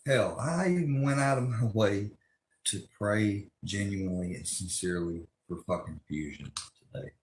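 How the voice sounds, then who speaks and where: Low-voiced guy cussing up a storm on a livestream, roomy echo, a little hiss. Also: moderate pace. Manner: angry, profane, rambling rant. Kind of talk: ranting livestream monologue.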